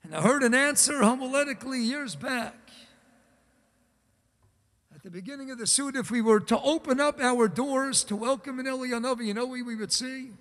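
A man's voice: extremely high pitch, brisk, a bit bright. A man giving a talk as a rabbi, telling a story dramatically and acting out its characters. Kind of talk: sermon storytelling. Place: large synagogue hall. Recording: reverberant hall.

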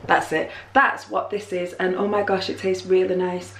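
Her lowish, slightly bright voice moves at a moderate pace with hardly any pauses. She's a lifestyle vlogger chatting to a handheld camera mic at home, rambling and self-deprecating as she goes.

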